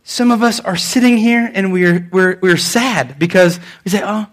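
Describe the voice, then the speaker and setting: Preaching with great energy at a moderate pace, a high-voiced pastor alternates between forceful, loud statements and softer moments. He drives points home by repeating his phrases.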